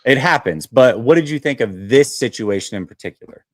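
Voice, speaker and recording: A man hosting a casual sports talk show, telling a story with lots of fillers and animated detail. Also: mid-range voice, brisk, dry recording, clean studio sound. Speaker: host.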